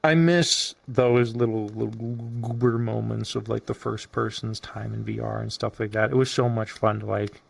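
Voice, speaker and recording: A man hosting a casual podcast, telling stories in an animated way and swearing often. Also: lowish voice, normal speed, vocal fry, hardly any pauses, dry recording. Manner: animated, profane storytelling. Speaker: podcast host. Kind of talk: casual chat. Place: streaming setup.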